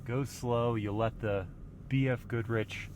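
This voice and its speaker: A man reviewing a pickup truck, casually explaining what he does as he drives it slowly along an off-road trail. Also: medium pitch. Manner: relaxed, explanatory, thinking aloud. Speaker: car reviewer. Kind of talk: casual driving commentary. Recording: vehicle noise clearly heard. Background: engine and trail noise.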